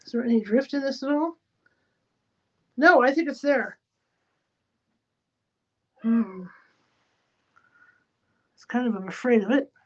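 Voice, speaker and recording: A woman's voice: fairly high pitch, slow, long pauses. A woman hosting a live stream from a spare bedroom at home, muttering to herself as she describes each step of her craft project. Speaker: livestream host. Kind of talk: casual running commentary while crafting. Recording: dull lo-fi sound with faint noise.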